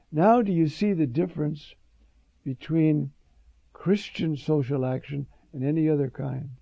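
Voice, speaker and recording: A man's voice: medium pitch, gravelly, slightly rough, dry recording, muffled recording. An older man, a priest preaching a sermon, reflective and storytelling, with sudden emphatic rises.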